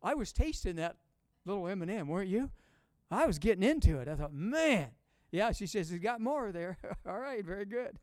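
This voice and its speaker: Male pastor, high-pitched and clear, emphatic call-and-response sermon, dry close sound. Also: lively intonation, fairly quick, darkish tone, dry recording. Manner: booming rises on key words.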